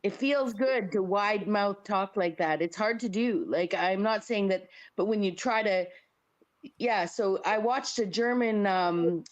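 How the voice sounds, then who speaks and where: Woman, mid-pitched voice, dry sound, thoughtful and searching. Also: no echo. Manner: musing, searching for words. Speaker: panelist. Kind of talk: casual chat.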